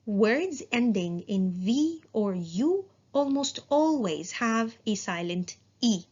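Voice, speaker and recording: Female teacher, unhurried, clear word-by-word delivery, slightly muffled lo-fi recording. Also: medium pitch. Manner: slow, clear, asks the class questions and answers them herself. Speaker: English teacher. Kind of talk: recorded phonics lesson.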